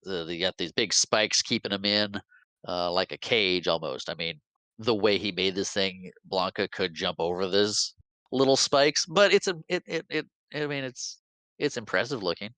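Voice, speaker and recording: Podcast host type, lively movie recapper, bright crisp voice, low-ish, dry close mic. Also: male voice, no echo, rough recording. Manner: animated retelling with quick character quotes and laughs.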